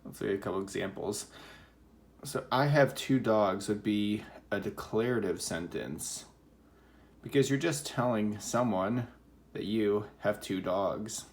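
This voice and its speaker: A man with a slightly low voice gives a recorded reading lesson to children. He explains patiently and acts out each example sentence. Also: unhurried, darkish tone. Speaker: teacher.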